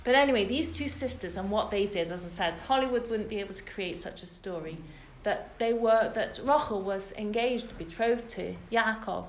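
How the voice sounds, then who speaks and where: British woman, religious teacher, earnest emphatic storytelling, mid pitch, echoey room. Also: normal speed, few pauses, a little hiss or hum. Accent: British English. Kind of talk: women's Torah class talk. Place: room with a live group of women.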